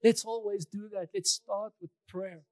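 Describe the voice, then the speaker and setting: Man, pastor, sermon, fairly high voice, conversational, repeats phrases, light humor, dry sound. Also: fairly even intonation, a little slow, a little mellow, no room sound.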